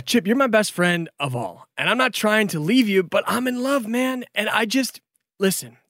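A man's voice: sits high, normal speed, dry recording, clean studio sound, voice pushed up. A man doing Brandon, a lovesick young dragon. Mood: pleading. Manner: gushing, earnest and excitable. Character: lovesick young male dragon, eager and apologetic.

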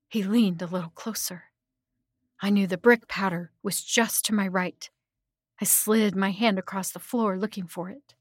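A woman narrating a horror story in a hushed voice that sinks to whispers at tense moments. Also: mid-range voice, dry recording, clean studio sound.

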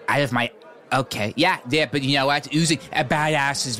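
A man playing a tabletop game who talks in an excitable, profane way. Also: medium pitch, fairly quick. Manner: excitable, swears a lot. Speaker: player. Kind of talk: casual tabletop play.

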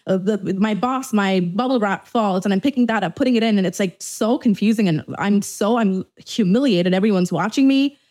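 A young woman from Dubai hosts her podcast as a candid confessional monologue, talking frankly and profanely about personal struggles with many restarts and fillers. Her mid-range voice is a little mellow, at normal speed with hardly any pauses.

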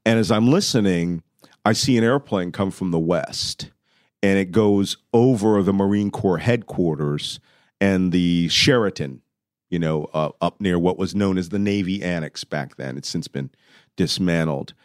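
Middle-aged man, low voice, dry close sound, vivid storytelling. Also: a little slow, no echo. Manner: vivid storytelling, shouts when reenacting. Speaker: guest telling a personal story. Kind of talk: animated storytelling.

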